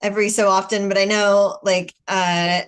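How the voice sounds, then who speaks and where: A woman's voice: medium pitch, flat delivery, moderate pace, clear, resonant tone. A middle-aged woman hosting a casual video-call chat, talking loosely with lots of fillers. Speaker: host.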